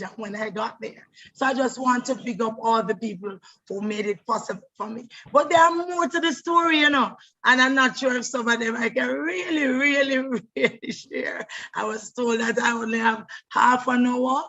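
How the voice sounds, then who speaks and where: A middle-aged actress, telling her life story in an animated way, often repeating words as she goes. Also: on the high side, lo-fi sound. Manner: animated, repeats words, breaks into voices and laughter. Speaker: stage actress. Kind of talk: personal storytelling monologue.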